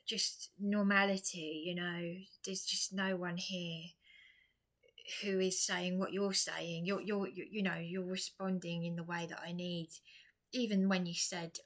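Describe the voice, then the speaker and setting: A woman's voice: fairly low pitch, flat delivery, measured pace, fairly bright tone. An exhausted woman vlogger talking in a rambling personal monologue, repeating herself, restarting and dropping to whispers.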